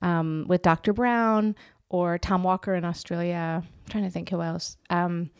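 A woman comedian chatting as a podcast guest, telling animated stories and laughing often. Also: on the low side, unhurried, clear, resonant tone, no room sound, clean studio sound. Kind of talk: casual conversation.

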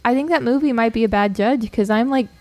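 A woman's voice: fairly high pitch, quick pace, a little mellow, no echo. A woman hosting a podcast with her sisters, chatting casually and often correcting herself mid-sentence. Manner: chatty, self-correcting, giggly. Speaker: podcast host. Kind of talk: casual chat among siblings.

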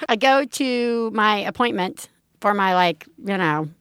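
A woman co-hosting a podcast, telling a story in casual chat, animated and quick to swear. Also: mid-range voice, clear, resonant tone, dry recording, clean studio sound. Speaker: podcast co-host.

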